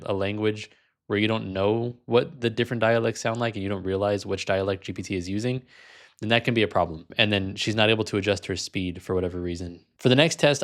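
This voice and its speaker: Lower-voiced man, casual vlog talk. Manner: casual, frank, sometimes amused. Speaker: language learner and video host.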